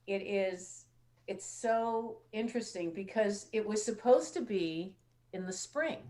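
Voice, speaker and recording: A woman's voice: mid-range voice, a little slow, warm tone. Chatty woman host telling stories. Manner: chatty storytelling, acts out quoted dialogue. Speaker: show host. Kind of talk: casual call-in show chat.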